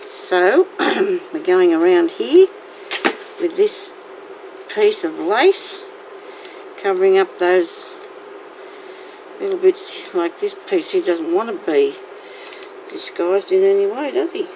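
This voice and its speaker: A woman's voice: fairly low pitch, expressive, takes it slowly, pauses often, darkish tone. A woman hosting a casual crafting tutorial, chatting to her viewers and talking to herself as she works. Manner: chatty, talks to herself while working. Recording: noisy home recording.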